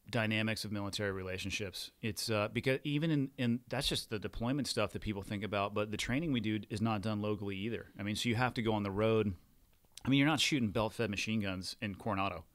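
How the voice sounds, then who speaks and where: A man in his thirties tells stories as a podcast guest, steady and matter-of-fact with a dry wit. His voice sits on the low side. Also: fairly quick. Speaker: podcast guest, former Navy SEAL. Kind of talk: casual storytelling chat.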